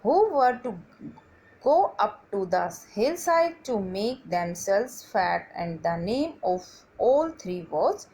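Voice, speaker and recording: Woman teacher with a lively voice. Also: medium pitch, rough recording. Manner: reads aloud slowly with frequent "okay" and "dear students". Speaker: English teacher. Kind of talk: classroom story lesson.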